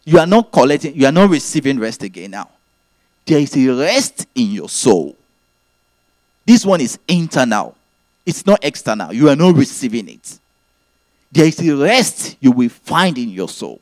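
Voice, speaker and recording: A male preacher delivers a sermon in an earnest teaching manner, circling back to his main phrases. His pitch moves in a lively way. The sound is dry and close. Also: moderate pace, no room sound.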